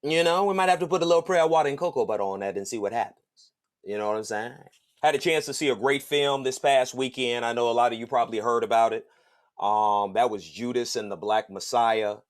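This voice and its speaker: A man hosting a podcast, telling a personal story in a casual, slangy, animated way and laughing along the way. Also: mid-range voice, brisk. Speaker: podcast host.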